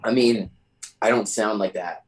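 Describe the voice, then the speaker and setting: A man's voice: lowish voice, measured pace, a crowd in the background, poor audio. A man co-hosting a podcast, explaining himself defensively in casual chat. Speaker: podcast co-host.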